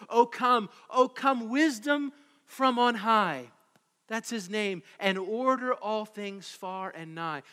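A high, bright-voiced man preaching with excitable, animated energy. His voice carries a long reverb from a church hall. He talks like a pastor who grows eager as he goes. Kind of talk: sermon. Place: church sanctuary.

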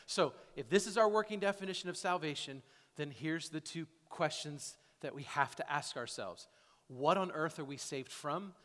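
A male pastor with a high, slightly bright voice preaches in a church sanctuary. He talks conversationally and often ends his points with "right?" or "okay?". The hall is echoey.

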